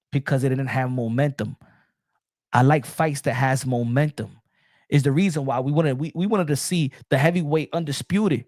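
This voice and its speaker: A man giving an opinionated casual boxing monologue, repeating phrases and getting louder as he gets worked up. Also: medium pitch, no room sound, studio quality. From New York. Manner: animated, repeats phrases, rising to shouts when worked up. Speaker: boxing commentator.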